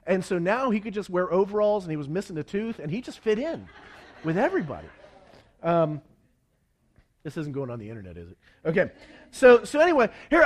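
Man, preacher, high voice, animated storytelling, frequent restarts, acted-out quotes. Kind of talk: storytelling sermon to a congregation.

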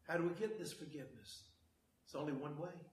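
Male pastor, high-pitched, emphatic sermon delivery, loud and soft in turns, echoey church. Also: fairly quick. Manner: emphatic preaching, swings between booming declarations and hushed low passages. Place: church service.

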